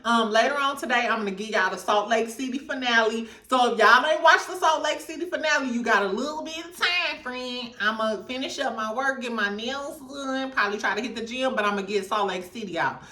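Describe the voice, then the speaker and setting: A woman's voice: fairly high pitch, a little fast, few pauses, distant mic. Laughing, profane woman in an echoey room. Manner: animated, profane, laughs often. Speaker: show host. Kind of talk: casual reality TV commentary. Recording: echoey room, set back from the mic.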